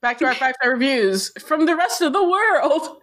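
A woman's voice: high-pitched, lively intonation, normal speed, a bit bright. A woman co-hosting a podcast in casual chat, reading listener reviews aloud in a playful, teasing way and laughing often. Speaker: podcast co-host.

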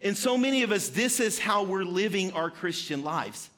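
A man's voice: high-pitched, expressive, moderate pace, a bit bright. A man preaching a sermon to his church in an earnest, conversational way, repeating his key phrases. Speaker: pastor. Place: church sanctuary.

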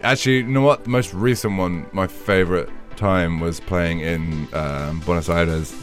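Deep-voiced British man, laughing and swearing. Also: steady tone, moderate pace, faint music behind. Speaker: guest DJ and producer. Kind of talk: casual interview chat.

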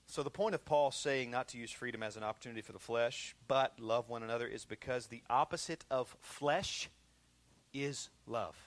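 A man preaching a sermon in a lively, conversational way, acting out people's excuses as he goes. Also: mid-range voice, normal speed. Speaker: pastor.

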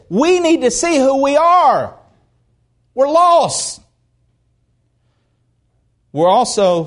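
A man preaching a sermon to his church, talking in a conversational way and repeating phrases for emphasis. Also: high voice. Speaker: pastor. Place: church service.

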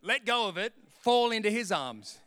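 A man preaching a sermon in an animated way, acting out voices and laughing often. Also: high-pitched, normal speed, clear, resonant tone, dry recording. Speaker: pastor.

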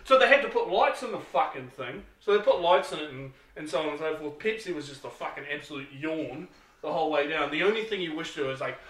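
A man with a New Zealand accent co-hosting a podcast, telling crude, profane stories in a rowdy way. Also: fairly high pitch. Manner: profane, rowdy, loud acted-out exclamations. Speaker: podcast co-host. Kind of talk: crude casual storytelling. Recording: echoey room, mic at a distance.

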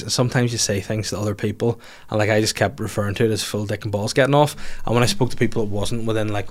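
A man telling a long, rambling story in casual chat, swearing and laughing at himself as he goes. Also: mid-range voice.

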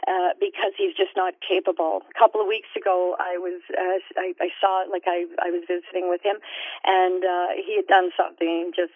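A woman's voice: lowish voice, level tone, fairly quick, no room sound, narrow, tinny audio. Woman talking faith in an interview, earnest, lots of uhs, thin phone-ish sound, dry. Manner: earnest and reflective, with many fillers. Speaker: guest, author and minister. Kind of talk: faith-based interview talk.

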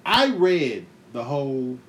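Give me a profane man hosting a podcast, telling a comic story with lots of laughs, pitch bouncing all over. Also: slow pace, slight background noise. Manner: profane, animated, laughs often, acts out voices. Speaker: podcast host. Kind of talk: comedic storytelling monologue.

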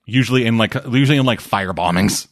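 A man's voice: on the low side, fast talker, no room sound, studio quality. Rambling, swearing man in casual chat. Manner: rambling, profane, acts out quotes loudly. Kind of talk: casual chat reviewing movies and shows.

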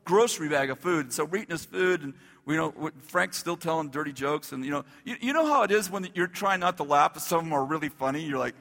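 A male pastor telling a story in a sermon, animated, acting out the dialogue and laughing as he goes. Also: a little high, fast, creaky, hardly any pauses, long reverb tail.

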